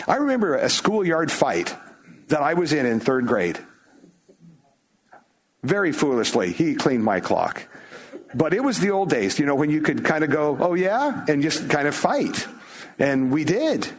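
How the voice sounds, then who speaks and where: A man's voice: mid-range voice, husky. A man, a pastor, giving a conversational sermon full of rhetorical questions and storytelling.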